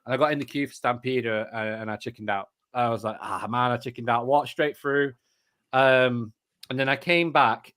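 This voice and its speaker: Bright-voiced chatty English man. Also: mid-range voice. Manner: chatty storyteller, slangy, laughs often. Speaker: podcast co-host. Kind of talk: casual chat.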